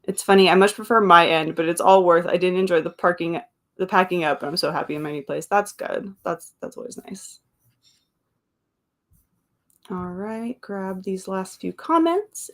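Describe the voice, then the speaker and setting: A woman's voice: fairly low pitch, moderate pace. Woman chatting on a live stream, reads out comments, laughs a lot, wanders off into little side stories. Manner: chatty, laughs often, trails off into asides. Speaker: livestream host. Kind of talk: casual chat reading viewer comments aloud.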